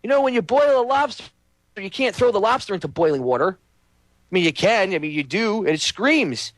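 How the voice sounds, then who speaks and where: Heated, preachy man with a high voice. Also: expressive, normal speed, dry recording. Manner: heated, preachy, repetitive rhetorical questions. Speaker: host. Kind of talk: angry political rant.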